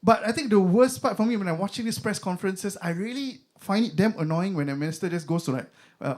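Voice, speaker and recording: A man's voice: sits high, fast talker, a little mellow. A young man with a Singaporean accent performing a stand-up comedy set, chatty and loose, with lots of fillers. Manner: conversational, filler-heavy, mock voices for bits.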